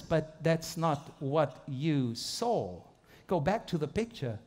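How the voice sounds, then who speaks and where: A man preaching a sermon as pastor, telling it with lively mimicked inner voices. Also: on the high side, takes it slowly.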